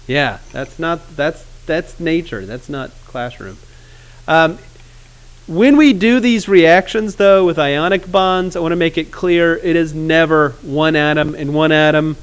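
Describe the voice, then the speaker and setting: A man teaching chemistry in a classroom, casual and joking, with awkward pauses. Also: on the high side, expressive. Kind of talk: classroom lecture.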